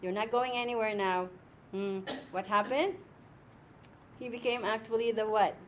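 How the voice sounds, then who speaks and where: A woman's voice: a little high, fairly even intonation, moderate pace, a little hiss or hum. A woman teaching an informal Bible and Hebrew lesson to a small group, explaining step by step and often checking that her listeners follow.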